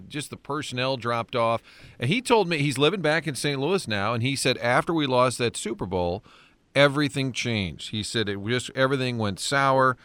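A male host runs a relaxed interview at an ordinary speaking pitch. His questions run long and come in several parts. He sounds easygoing and conversational. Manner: rambling multi-part questions. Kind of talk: casual interview.

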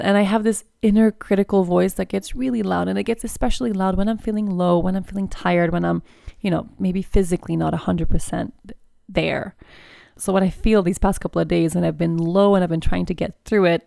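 Candid woman host with vocal fry. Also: medium pitch, mellow, no echo, clean studio sound. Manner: chatty and candid, with frequent "like" and "you know". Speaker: podcast host. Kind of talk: casual personal chat.

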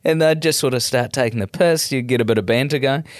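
A middle-aged man with a New Zealand accent, a comedian chatting in an interview in a rambling, animated way with many restarts. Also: medium pitch, fast talker, no echo, clean studio sound. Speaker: comedian, guest. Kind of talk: casual interview chat.

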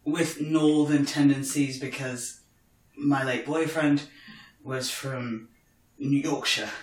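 A man co-hosting a podcast from home chats wryly and jokily over wine, with a posh London accent touched by northern inflections. His medium-pitched voice is fairly even and unhurried. The room gives a noticeable echo.

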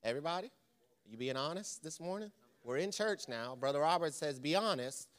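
A man's voice: on the high side, lively intonation, fairly quick. A man preaching a church lesson, conversational and quizzing the congregation with questions. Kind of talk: sermon.

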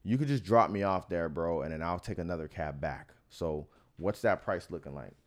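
An American man co-hosting a podcast, telling a story in a laid-back, frank, animated way and acting out the people in it. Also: deep voice, normal speed. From United States. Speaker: podcast co-host. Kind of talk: casual chat, storytelling.

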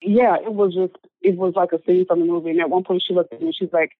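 A woman's voice: on the low side, fairly even intonation, fast, no room sound. A woman telling a personal story as an interview guest, earnest and full of filler words. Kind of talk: personal story told in conversation. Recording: narrow phone-like sound, dry.

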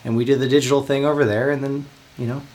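A man with a Southern American accent, co-hosting a casual podcast chat, animated, laughing often and swearing freely. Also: mid-range voice, fast. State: high. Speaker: podcast co-host.

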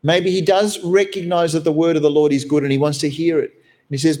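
A man who is a pastor, preaching a sermon from behind the pulpit in an animated, conversational way. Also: fairly quick. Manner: animated, conversational preaching with wide swings in pitch.

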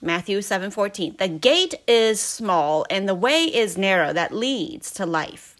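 A woman reading a devotional book aloud in a conversational way, pausing between phrases. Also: medium pitch, lively intonation, fairly bright tone.

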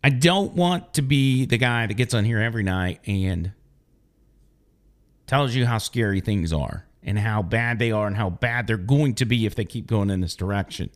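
This political commentary host speaks at a normal speed in a fairly low voice. He delivers an opinion monologue with emphasis and mockery, repeating words to drive points home.

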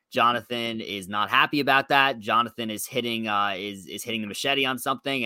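A man's voice: on the low side, bright, forceful tone, clear, resonant tone, no echo. A man co-hosting a recap podcast, recounting events in a conversational way with fillers. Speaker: podcast co-host. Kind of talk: casual chat.

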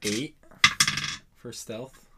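A man's voice: mid-range voice, extremely slow, heavy background noise. A man as a player in a tabletop game, talking casually and hesitantly. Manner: hesitant, filler-heavy.

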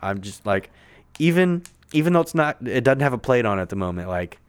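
A man's voice: medium pitch, very animated, brisk, clear, resonant tone. A man on a podcast telling a long, rambling story in casual chat, full of swearing and fillers, recorded in a conference room. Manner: profane, filler-heavy, rambling.

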